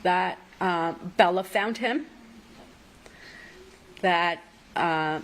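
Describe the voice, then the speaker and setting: Low-voiced woman testifying in court. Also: drawn-out words, rough recording. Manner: recounting events at length, quoting others. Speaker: trial witness.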